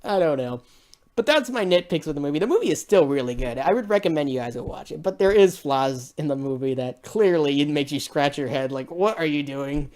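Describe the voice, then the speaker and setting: A woman's voice: low-pitched, lively intonation, fairly quick, hardly any pauses, a little mellow. A woman giving a casual spoken movie review, rambling and exasperated, laughing often between her points.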